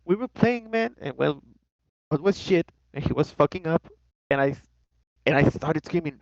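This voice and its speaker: Profane, animated young man telling stories. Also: normal speed, dry recording. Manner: animated, profane, jumps into high voices for quoted people. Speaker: guest co-host. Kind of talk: casual podcast storytelling. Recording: dull, dry lo-fi recording.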